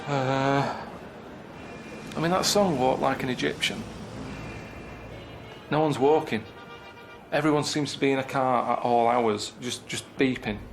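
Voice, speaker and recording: Deadpan, grumbling man. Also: mid-range voice, unhurried, vocal fry, long pauses, faint music behind. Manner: deadpan, moaning complaints. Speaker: reluctant traveller on a comedy show. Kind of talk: casual comic chat.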